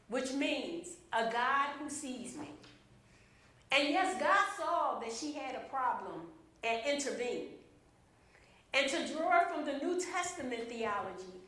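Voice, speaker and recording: A woman preaching a sermon with slow, deliberate phrasing and emphatic pauses. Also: sits high, a bit bright. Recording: very echoey room.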